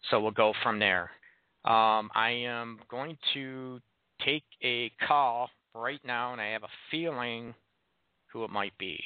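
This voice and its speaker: A man's voice: mid-range voice, smooth, no room sound. A man hosting a call-in relationship advice show, talking frankly and asking his listeners blunt rhetorical questions. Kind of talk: call-in radio talk show monologue. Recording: tinny phone-like sound, dry.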